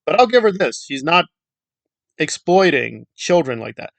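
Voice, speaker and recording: A man's voice: fairly high pitch, big pitch swings, moderate pace, vocal fry, fairly bright tone, no echo. Scornful ranting male commentator. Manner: scornful, insulting and repetitive. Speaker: YouTube commentator. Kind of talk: angry commentary rant.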